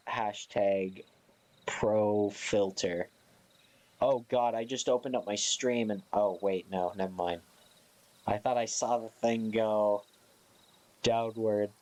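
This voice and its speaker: Sleepy young guy streaming, yawny and giggly, slow easygoing talk. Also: lowish voice, a little mellow. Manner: sleepy, yawning, giggly, chatting to viewers. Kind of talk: casual live-stream chat.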